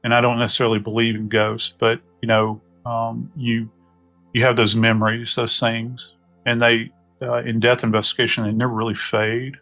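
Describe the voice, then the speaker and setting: A middle-aged man from New Orleans with a Southern US accent, a podcast guest telling reflective stories in an unhurried, folksy way. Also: medium pitch, monotone, vocal fry, a bit bright, soft background music. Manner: unhurried, folksy, many "you know" asides. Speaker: podcast guest, death investigator. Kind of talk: reflective storytelling conversation.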